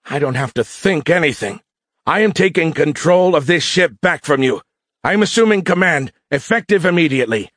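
A man voicing an arrogant young male cadet leading a mutiny, sneering and shouting his lines in an audiobook. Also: a little high, animated, no echo, studio quality, voice pushed up. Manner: shouting, sneering, drawn-out words.

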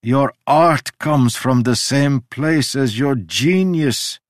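A man voicing an ancient male god who lectures in a sweeping, emphatic way, with sudden jumps in pitch. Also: slow pace, dry recording, clean studio sound, lightly acted. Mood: earnest. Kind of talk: audiobook character reading.

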